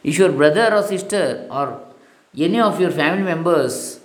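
An earnest man reads a spiritual lesson aloud, moralizing in a steady voice that sits a little high. The recording carries a noticeable room echo. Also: normal speed. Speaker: spiritual teacher. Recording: echoey room.

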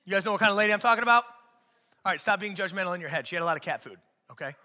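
High, bright-voiced joking preacher. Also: male voice, animated, very fast, long reverb tail. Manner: casual, joking, conversational preaching. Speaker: pastor. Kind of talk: sermon. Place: church stage.

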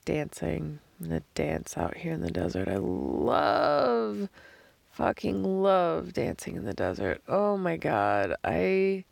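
Woman, hoarse and heavily gravelly, unhurried reflective voice diary, halting pauses, phone mic close overhead, dry and close. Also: deep voice, huge pitch swings, darkish tone, no room sound. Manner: slow, halting, thinking aloud with pauses. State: hoarse from screaming and crying. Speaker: podcast host. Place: outdoors in the desert at night, lying under blankets. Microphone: phone held above her face.

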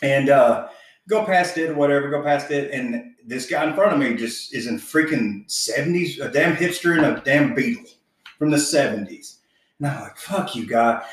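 A man co-hosting a podcast, telling a story in casual chat, swearing freely and laughing as he goes. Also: mid-range voice. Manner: profane, animated, laughs while telling. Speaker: podcast co-host. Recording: very echoey room, voice far from mic.

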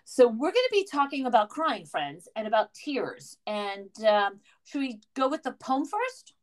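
A woman's voice: a little high, big pitch swings, measured pace. A woman co-hosting a conversation, responding with open emotion and eager enthusiasm. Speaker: podcast co-host. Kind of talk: conversational discussion.

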